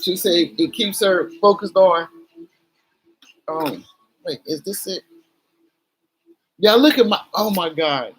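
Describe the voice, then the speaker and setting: A woman's voice: fairly low pitch, takes it slowly, long pauses, slightly rough, low-quality recording. A middle-aged woman talking candidly to her camera in a chatty, emotional vlog, swearing casually as she goes. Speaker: vlogger.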